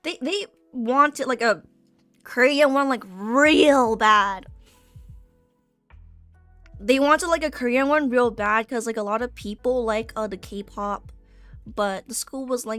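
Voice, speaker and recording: A woman's voice: a little high, unhurried, a bit bright, no echo, faint music behind. A young woman streamer chatting casually while she draws, rambling with restarts and casual swearing, just over being sick. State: recovering from illness. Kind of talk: casual chat while drawing.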